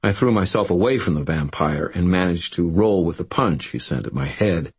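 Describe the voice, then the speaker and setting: A man reading a first-person story aloud as an audiobook narrator, telling it in a steady storytelling way. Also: low voice, moderate pace, husky.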